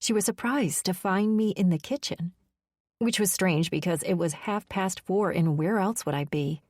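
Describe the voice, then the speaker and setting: A woman with a mid-range voice narrates an audiobook in a measured, steady storytelling style. The studio-quality recording has no echo.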